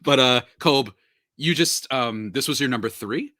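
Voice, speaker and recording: Upbeat podcast host with a bright voice. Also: male voice, mid-range voice, measured pace, dry recording, clean studio sound. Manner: laid-back, joking, filler-heavy. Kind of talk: casual podcast chat.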